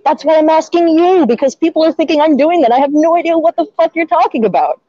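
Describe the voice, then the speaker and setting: A woman calling into a live stream who talks very fast and defensively. Her voice sounds mellow and slightly dark, carried over a dull, lo-fi connection. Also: sits high, animated, dry recording. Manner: defensive, exasperated, swears. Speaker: caller. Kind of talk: call-in over a video chat.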